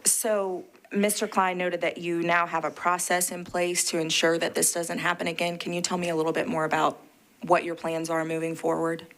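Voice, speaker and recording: A woman's voice: lowish voice, monotone, moderate pace, fairly bright tone. A woman board member at a public hearing, asking probing but polite questions. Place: public meeting room.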